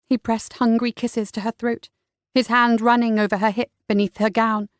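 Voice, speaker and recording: Woman reading a romance audiobook, highish voice, close dry sound, slow and intimate. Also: level tone, no room sound. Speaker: audiobook narrator. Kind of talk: scripted romance narration.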